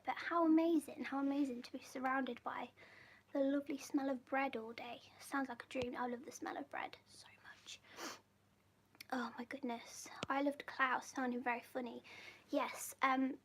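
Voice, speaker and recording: A British woman hosting a live stream, chatting in a soft, often whispered voice and rambling warmly between viewer comments. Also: high-pitched, husky. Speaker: livestream host reading viewer comments.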